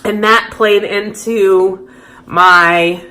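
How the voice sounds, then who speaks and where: Woman, thirties, mid-pitched; candid confessional vlogger, thoughtful and open. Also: fairly even intonation, extremely slow, bright, forceful tone. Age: 30s. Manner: candid, reflective, heartfelt. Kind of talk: personal confessional vlog.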